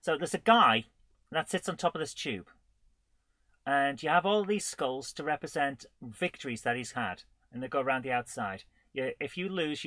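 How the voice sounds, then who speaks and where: In a mid-range voice with a sharp tone, a man hosting a live retro gaming stream rambles casually, chuckling and poking fun at himself. The recording is dry.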